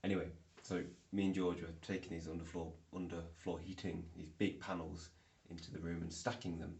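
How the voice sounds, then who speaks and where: A man's voice: low-pitched, flat delivery, brisk, creaky, a little mellow. A young man rambling through a casual vlog, full of ums and restarts, recorded indoors. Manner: rambling, filler-heavy storytelling. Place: indoor room. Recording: echoey room.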